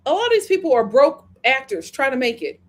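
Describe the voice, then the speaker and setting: A woman hosting a casual live-stream review, chatting and reading viewer comments with dramatic, animated retelling. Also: high voice, fairly quick.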